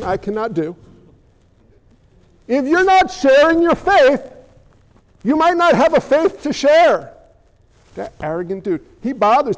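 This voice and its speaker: A man in middle age delivers a sermon from the pulpit. His voice sits unusually high, and he preaches with animation, slipping into acted quotes and humor. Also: low-quality recording. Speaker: pastor.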